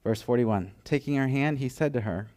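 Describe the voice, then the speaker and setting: A man preaching a sermon, telling the story with animated acted-out voices and dropping to a hushed, tender tone at moments. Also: mid-range voice, normal speed. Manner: drops to soft, hushed tones for tender moments. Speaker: pastor.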